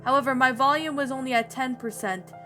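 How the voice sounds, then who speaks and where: A woman reading a creepy story aloud in a plain, slightly halting way. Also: sits high, bright, forceful tone, faint music behind.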